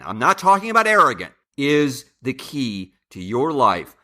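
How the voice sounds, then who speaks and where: An older man lecturing his viewers in a bright, forceful voice. He counts his points off one by one and leans hard on key words as he hands out blunt life advice. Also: mid-range voice, huge pitch swings, unhurried, hardly any pauses. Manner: emphatic, addresses listeners as "men", uses lists. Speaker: channel host. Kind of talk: advice monologue to camera.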